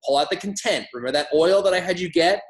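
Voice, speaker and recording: Energetic, joking male trainer. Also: sits high, quick pace. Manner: energetic, emphatic, humorous, acts out quotes. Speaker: wellness product trainer. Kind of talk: motivational training talk. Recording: roomy echo.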